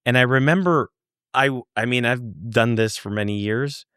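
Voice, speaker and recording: A man guest on a podcast, earnestly telling a story, halting and searching for words, swearing for emphasis. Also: medium pitch, fairly bright tone, clear, resonant tone, no room sound, studio quality. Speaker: podcast guest, former UFO investigator. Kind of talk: conversational storytelling.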